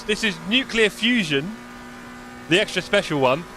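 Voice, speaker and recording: A chatty man commentates his own sim race on a live stream, joking and muttering to himself as he works. His voice sits a little high for a man. A faint noise hums under the recording. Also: lively intonation, measured pace. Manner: chatty, jokey, mutters while fiddling with setup.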